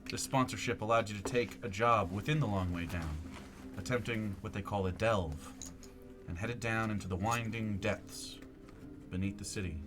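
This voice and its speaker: A man's voice: fairly low pitch, normal speed, music in the background. A man running a tabletop game as game master, telling the story so far in a dramatic storytelling manner.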